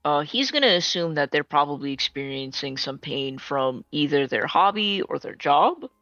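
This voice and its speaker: A man's voice: a little high, lively intonation, moderate pace, bright, forceful tone, no echo, muffled recording. A man playing a tabletop role-playing game, hesitant and starting lines with filler sounds. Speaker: player.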